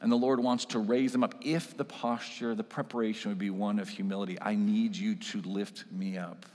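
A man's voice: lowish voice, a little mellow. A man preaching a sermon in a church, in a conversational style that keeps checking in with the congregation. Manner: conversational preaching with frequent tag questions. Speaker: pastor. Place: church sanctuary. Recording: long reverb of a church hall.

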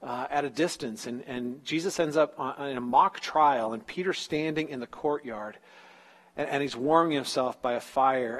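A man's voice: mid-range voice, big-room sound. A man preaching a sermon in a casual storytelling way, acting out the quotes in everyday slang. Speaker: pastor.

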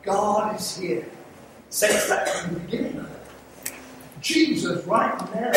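Speaking slowly and pausing often, an older man with an English accent delivers a sermon with an altar call, his high-pitched voice animated as he pleads with the congregation and makes small jokes. He is an evangelist preaching earnestly in a church sanctuary. The sound is echoey, with a distant mic and audible room noise.

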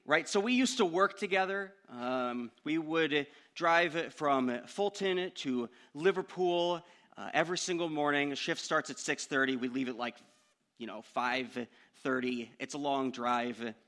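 A young man preaching a sermon, telling a personal story in an animated way that climbs into loud outbursts. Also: a little high, measured pace.

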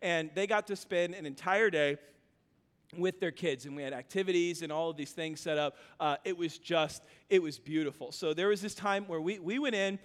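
A man with a high voice preaches a sermon, moving from stumbling storytelling into rising, insistent calls that repeat each phrase. The sound rings with the long reverb of a church hall. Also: moderate pace. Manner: builds from storytelling to loud, urgent exhortation with repeated phrases; frequent stammered restarts. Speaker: pastor.

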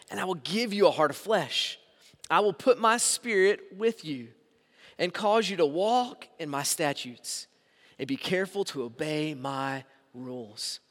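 High-voiced preaching man in a reverberant hall. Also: fairly bright tone. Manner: preaching with emphatic swings in volume. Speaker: pastor. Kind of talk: sermon. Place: church sanctuary.

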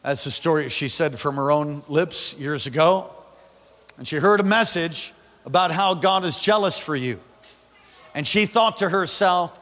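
A male pastor preaches in a high, bright voice that rings through a large reverberant church hall. He tells his stories with animated energy, rising to shouts at the peaks, and keeps calling on the congregation to answer back. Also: normal speed. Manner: calls on the congregation to respond. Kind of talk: sermon.

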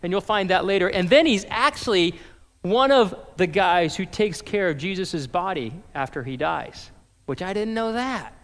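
A man's voice: high voice, expressive, normal speed, a bit bright, big-room sound. A man preaching a sermon as pastor, conversational, acting out scripture dialogue in casual modern phrasing.

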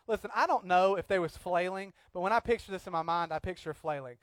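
A man preaching a sermon as pastor, swinging from loud acted outbursts to quiet earnest talk. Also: high-pitched, fast talker, dry recording.

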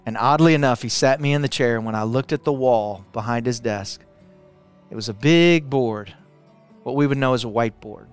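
Middle-aged male testimony speaker, smooth dry voice, intense storyteller, soft music underneath. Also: mid-range voice, normal speed. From Arkansas, US. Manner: intense, builds with repetition, drops quiet for emphasis. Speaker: speaker sharing a personal testimony. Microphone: camera, speaking to it.

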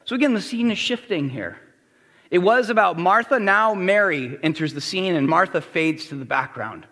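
A man with a high voice preaches a sermon to his congregation. His delivery swings from quiet scripture reading to near-shouted emphasis, and a long reverb of a large hall trails every phrase. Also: lively intonation, normal speed. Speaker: pastor.

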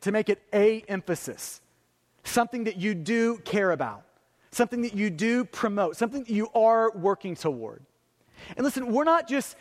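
A man's voice: high voice, big-room sound. A male pastor in his thirties preaching a sermon earnestly, asking rhetorical questions and repeating key phrases for emphasis. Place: church sanctuary.

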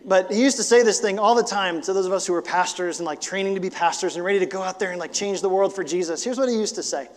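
A man of about forty, a pastor, preaching a sermon in a casual, animated way that swells into emphatic bursts. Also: sits high, fast, few pauses, long reverb tail. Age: 40s. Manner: animated, conversational, rising to emphatic outbursts.

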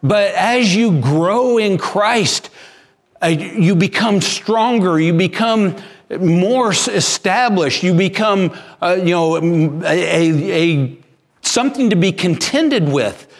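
Slow-preaching man, high voice. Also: lively intonation. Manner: earnest, emphatic preaching with frequent restarts. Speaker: pastor. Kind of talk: sermon.

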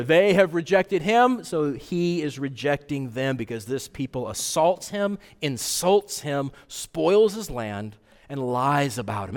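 A man's voice: a little high, long reverb tail. A man preaching a sermon as pastor, in a conversational style that keeps checking in with rhetorical questions.

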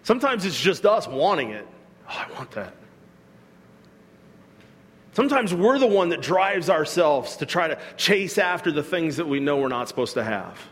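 A man preaching a sermon to his congregation, animated and joking, acting out quoted voices as he goes. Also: on the high side, brisk, few pauses, long reverb tail. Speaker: pastor. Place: church hall.

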